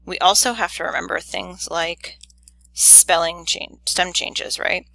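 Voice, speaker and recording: A Spanish teacher gives a recorded grammar lesson, explaining slowly, methodically, and step by step, and quickly fixing her own slips. Her voice is bright yet lowish, with a creaky quality.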